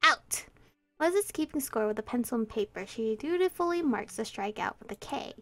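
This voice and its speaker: A young woman playfully reading a visual novel aloud as a streamer, giggling and breaking into loud outbursts. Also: fairly high pitch, expressive, fairly quick, no echo, soft background music. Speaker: let's play streamer.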